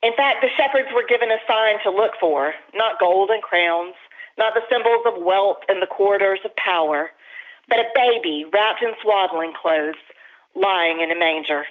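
An earnest pastor preaches at an even middle pitch, slowing down to stress the phrases that matter. His voice sounds narrow and tinny, like it's coming over a phone line.

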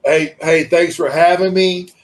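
Laid-back rambling man, slightly high voice. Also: steady tone, measured pace, rough recording. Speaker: interview guest, former wrestler. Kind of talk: casual remote interview.

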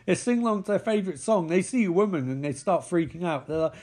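A man's voice: sits high, animated, fast talker, few pauses, a little mellow. A man giving rambling, sweary, sarcastic commentary over a film.

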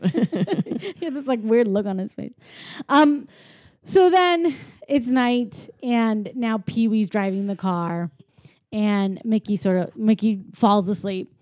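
A woman in casual chat, retelling a film in an animated way, acting out the lines and laughing often. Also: mid-range voice, slow pace, no echo, clean studio sound. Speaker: co-host recapping a film.

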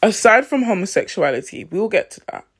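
A man giving a reflective talk on faith, thinking aloud with pauses and restarts. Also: high voice, big pitch swings, gravelly, a bit bright, husky. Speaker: Christian vlogger.

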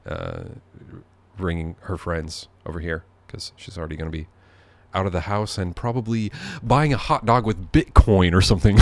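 A man's voice: low-pitched, brisk, vocal fry, no echo. A man hosting a podcast from his living room, rambling through a sardonic, profane comedic monologue. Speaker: podcast host.

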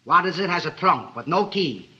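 A cheerfully dim sitcom employee who takes everything literally. The voice sits high and swoops around, bright and sharp. It comes through on dull, old television audio. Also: male voice, animated, normal speed. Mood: goofy. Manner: goofy, literal-minded wisecracking. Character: dim-witted cheerful male employee, adult. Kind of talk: sitcom acting.

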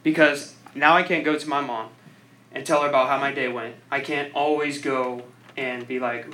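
Addressing a group informally, this young man speaks at a moderate pace in a medium-pitched voice that is steady and sharp. He rambles, makes self-deprecating jokes he laughs at, and uses "like" constantly. The recording is rough.

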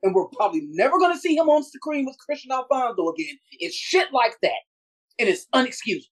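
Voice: high-pitched, very animated, fairly quick, rough recording. A podcast co-host who speaks indignantly and swears freely. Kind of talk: casual podcast chat.

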